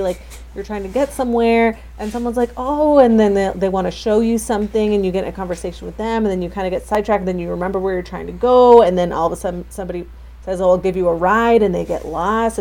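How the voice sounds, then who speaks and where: A woman's voice: medium pitch, creaky, mellow, slight background noise, poor audio. A woman chatting casually and thinking aloud about dreams. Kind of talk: casual chat.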